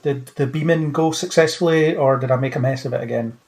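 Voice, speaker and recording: A man's voice: mid-range voice, fairly quick, a little mellow. A man hosting a podcast, opening with a playful scripted intro and then chatting casually with his co-hosts. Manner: playful, jokey sci-fi banter. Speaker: podcast host.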